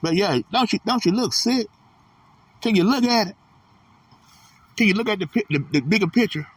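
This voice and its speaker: A man's voice: high-pitched, lively intonation, moderate pace, slightly rough, recorded from a distance. A man delivering a blunt, profane, repetitive casual ranting monologue as host of his own channel.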